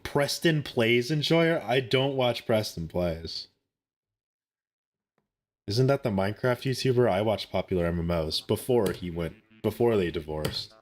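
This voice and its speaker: A man's voice: lowish voice, animated, measured pace. A young man streaming a game and defensively joking back at his chat. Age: young adult. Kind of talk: casual live-stream chat.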